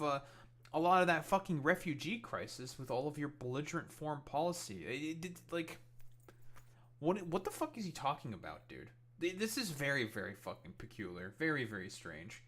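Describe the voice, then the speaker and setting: A male streamer talking casually to his viewers with an exasperated, profane edge. His voice has a bright, forceful tone at an ordinary middle pitch. He mocks and picks apart what he reads with blunt disbelief. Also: very animated, brisk. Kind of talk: casual ranting commentary.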